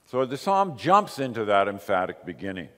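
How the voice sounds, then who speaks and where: A man preaching a sermon as pastor, slow and emphatic, with repeated short phrases. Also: on the low side, sing-song, long reverb tail. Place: church.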